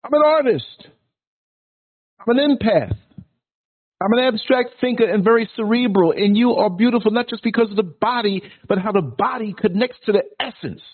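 A man's voice: sits high, breathy edge. A man on a call-in show giving an earnest, preachy, musing monologue. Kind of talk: philosophical monologue. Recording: tinny phone line.

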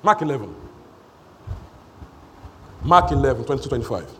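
A man preaching a sermon in church. He repeats phrases for emphasis and swings between shouting and hushed asides. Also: mid-range voice, sing-song, normal speed, slight background noise. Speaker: pastor.

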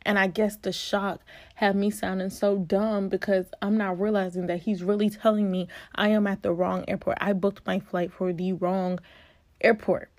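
A woman in her early twenties from Virginia, vlogging a casual storytime with an animated, expressive delivery. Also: medium pitch, dry recording. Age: early 20s.

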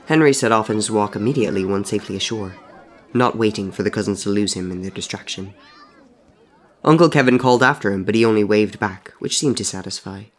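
A man tells a story in a deep, measured voice. His reading stays steady and frequently softens to a gentle delivery.

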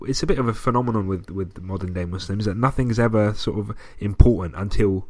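A man's voice: on the low side, a little fast, dark tone. A young man, chatting and laughing as a podcast co-host on a remote call. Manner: chatty, laughs often, digresses. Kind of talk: casual chat.

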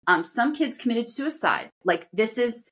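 A woman's voice: a little high, lively intonation, measured pace, a bit bright, slight background noise. A woman hosting an interview, chatting casually about her kids, with many fillers. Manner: chatty, full of fillers like "you know". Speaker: host and parent.

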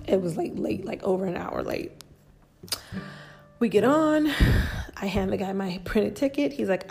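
Chatty woman with a gravelly voice. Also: mid-range voice. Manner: lively, chatty, acts out quoted voices. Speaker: travel vlogger. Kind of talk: casual storytelling monologue.

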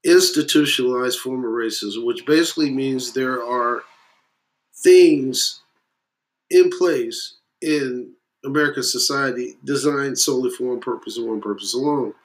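A man rants bluntly into the camera in a profane monologue. His pitch sits right in the middle of the usual male range. He keeps swinging between loud, emphatic jabs and low, muttered asides. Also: a little slow. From West Indian heritage. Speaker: commentator. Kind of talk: profane opinion rant.

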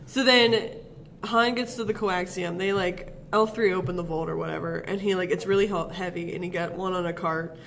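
A man's voice: high voice, steady tone, moderate pace, gravelly, fairly bright tone, slight background noise, rough recording. A man co-hosting a podcast, rambling through a film recap in casual chat and laughing often. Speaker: podcast co-host.

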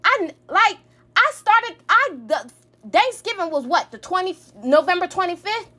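A woman in her thirties with a high voice tells her side of a family fight, heated and cursing freely. She rambles and restarts her sentences as she talks things through. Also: expressive, a little slow, pushed and bright. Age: 30s. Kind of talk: emotional storytime rant.

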